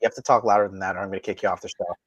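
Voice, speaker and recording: A man hosting a live stream, ranting crudely and mockingly, his voice swinging from loud outbursts to low mutters. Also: steady tone, racing, slightly rough, no room sound, highs cut off. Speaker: livestream host. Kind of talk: crude provocative livestream rant.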